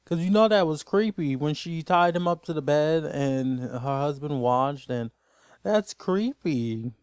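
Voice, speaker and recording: A man's voice: a little high, expressive, a little slow, a little mellow, clean tone, no echo, clean studio sound. A man giving a casual, rambling TV episode recap as host, sounding exasperated throughout.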